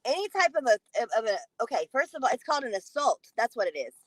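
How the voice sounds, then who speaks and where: A woman with a high-pitched voice talks straight to camera in a casual monologue. She is blunt and profane, and she leans hard on her points as she tells the story. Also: sing-song, fast talker, dry recording, rough recording. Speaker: vlogger.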